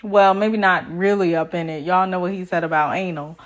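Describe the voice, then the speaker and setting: A woman's voice: lowish voice, fairly even intonation, moderate pace. A woman recapping a reality show in a sassy, chatty way, full of slang asides. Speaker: TV recap vlogger.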